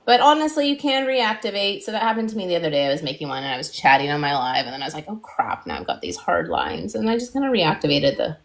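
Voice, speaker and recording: A woman's voice: lowish voice, fast talker, hardly any pauses. A woman with a Canadian accent hosting a casual painting livestream, chatty and often laughing. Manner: chatty, laughing, animated teasing. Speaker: art livestream host. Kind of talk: casual painting tutorial chat.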